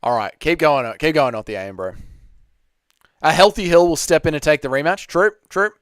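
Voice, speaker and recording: A man's voice: on the high side, normal speed, a bit bright, smooth, no echo, studio quality. A man hosting a casual livestream Q&A, reading chat questions aloud and bantering back.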